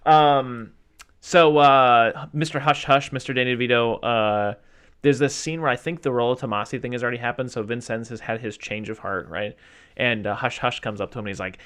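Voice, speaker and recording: A man's voice: mid-range voice, brisk, fairly bright tone, clean tone. Male podcast host, casual and rambling, recaps scenes with mumbled quotes. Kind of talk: casual movie chat.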